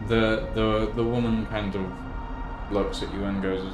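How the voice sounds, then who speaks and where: A man's voice: lowish voice, level tone, a little slow. A man narrating a tabletop game as game master, hesitant and full of fillers. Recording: echoey room with music behind.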